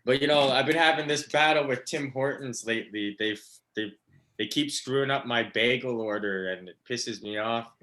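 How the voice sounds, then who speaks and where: A man's voice: mid-range voice, moderate pace, fairly bright tone. A man doing a stand-up comedy set, rambling with lots of fillers and laughing at his own jokes. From Canada.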